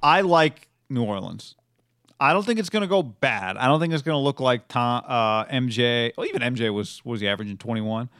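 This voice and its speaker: Dude hosting a betting podcast, dry close sound, steady and calm, running thru the lines and stats. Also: male voice, mid-range voice, no echo. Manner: measured, reads stats and lines. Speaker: sports betting podcast host. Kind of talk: casual sports chat.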